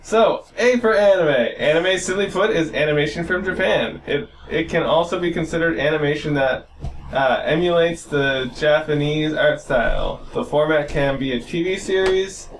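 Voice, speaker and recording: A playful man hosting a casual podcast, joking with friends and reading aloud. His voice sits a bit high for a man. There is faint noise behind him. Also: moderate pace, recorded from a distance. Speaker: podcast host.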